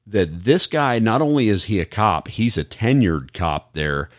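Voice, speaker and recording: A man's voice: lowish voice, big pitch swings, measured pace, dry recording, studio quality. A man with an American accent, a police officer on a podcast, telling stories in a rambling, casual way with many restarts. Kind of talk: casual chat, storytelling.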